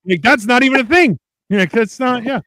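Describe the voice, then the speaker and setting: A man's voice: extremely high pitch, normal speed, pushed and bright, dry recording, studio quality. A man hosting a casual talk show, telling rambling stories with plenty of swearing. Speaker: podcast host. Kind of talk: casual chat.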